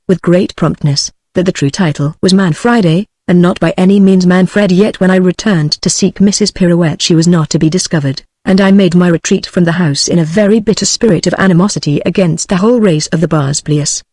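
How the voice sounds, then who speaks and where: A woman's voice: fairly low pitch, no room sound. A text-to-speech woman's voice with a British English accent, evenly narrating an audiobook. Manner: even synthetic reading, reads punctuation aloud.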